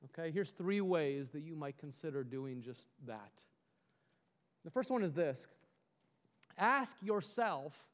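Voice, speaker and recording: A male pastor delivers an earnest, exhorting sermon in a fairly high voice, often turning to rhetorical questions. His words ring out with a long reverb from a large hall. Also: expressive, takes it slowly, long pauses, fairly bright tone.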